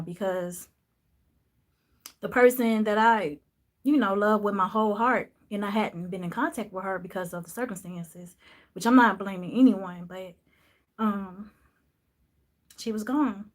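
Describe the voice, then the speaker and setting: A woman telling a personal story in a soft, reflective voice, pausing often with fillers. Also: mid-range voice. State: emotional, voice dropping low at times. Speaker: podcast host sharing a personal story.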